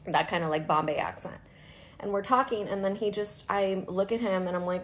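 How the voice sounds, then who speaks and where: A woman's voice: medium pitch, normal speed. A woman from Hyderabad telling a story in a casual, exasperated rant, full of "like" fillers. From Hyderabad, India. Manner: exasperated, talks with lots of "like" fillers.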